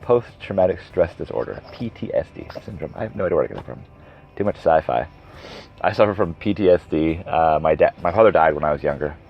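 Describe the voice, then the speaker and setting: Deep-voiced rambling man podcaster. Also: expressive, fast talker, vocal fry. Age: 30s. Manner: rambling, goes off on tangents, corrects himself. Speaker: podcast host. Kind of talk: casual solo podcast monologue. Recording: dull lo-fi recording with music behind. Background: background music.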